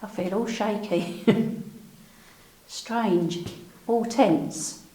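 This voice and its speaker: Slow-speaking woman calling out to spirits. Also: on the high side, a little mellow, roomy sound, low-quality recording. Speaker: paranormal investigator. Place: indoor building on a ghost hunt.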